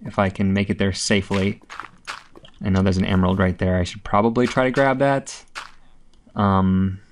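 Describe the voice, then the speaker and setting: A man's voice: deep voice, fairly even intonation, normal speed, slight background noise. A man giving casual, rambling commentary on his own gameplay, talking through each step with plenty of ums and frequent swearing. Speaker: gameplay video host.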